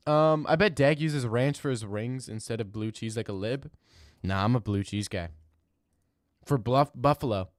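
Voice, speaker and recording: A young man streaming live, reading chat and answering in loud, mock-outraged rants. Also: mid-range voice, no echo, studio quality.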